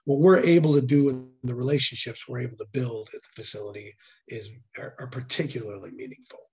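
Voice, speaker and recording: A hoarse man, a nonprofit director, talking earnestly in a casual interview and often restarting his sentences. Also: mid-range voice, steady tone, a little fast, darkish tone. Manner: earnest, with frequent restarts and fillers. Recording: dull lo-fi sound.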